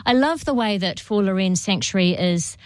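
A woman hosting a radio fundraising drive, bright and encouraging. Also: mid-range voice, expressive, normal speed, no echo. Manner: bright, encouraging, apologetic host patter. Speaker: radio host. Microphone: studio microphone.

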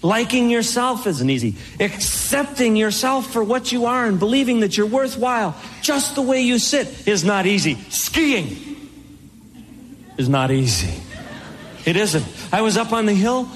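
A man performing a stand-up comedy routine, breaking into shouted high-pitched voices for his punchlines. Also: sing-song, a little slow. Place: comedy venue with live audience. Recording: live crowd noise and hiss. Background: audience laughter.

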